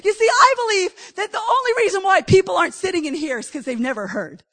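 High-voiced woman preacher telling stories. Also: fast talker. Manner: animated storytelling, acts out dialogue, rising to shouts. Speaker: guest speaker, preacher. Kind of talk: sermon with personal stories.

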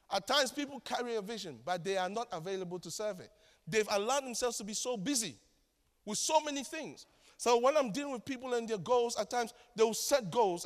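A man with a high voice preaches a sermon as pastor, his words ringing through a church hall with a long reverb. He calls for responses from the congregation and swings between loud exclamations and quiet asides. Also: clear, resonant tone.

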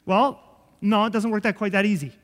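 A man giving a conversational sermon-style teaching, telling animated stories that act out dialogue and chuckling often. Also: high-pitched, a little fast. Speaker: Christian preacher and father. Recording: long hall reverb.

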